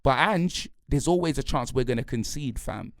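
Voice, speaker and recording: The angry rant here comes from a football fan pundit who lays into his team in heavy slang, going over the same points and dropping "blood" and "fam" as he goes. His mid-range voice has lively intonation at a moderate pace, in studio quality with no room sound.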